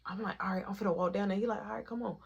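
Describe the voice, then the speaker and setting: A woman's voice: mid-range voice, steady tone, very fast, vocal fry, slightly rough, lo-fi sound. A woman casually telling a long personal story in slang, acting out each quoted line of dialogue in its own voice.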